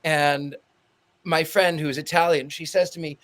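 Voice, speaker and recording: A man's voice: fairly high pitch, unhurried. A man co-hosting a podcast, telling a casual story and acting out the quotes. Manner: animated storyteller, acts out quotes. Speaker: podcast co-host. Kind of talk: casual chat.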